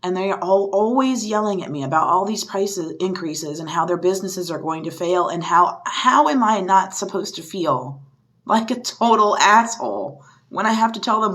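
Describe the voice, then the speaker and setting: A woman's voice: medium pitch, animated, moderate pace, fairly bright tone. A young woman who works in customer service, venting with frustration and exasperated questions. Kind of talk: venting social media monologue.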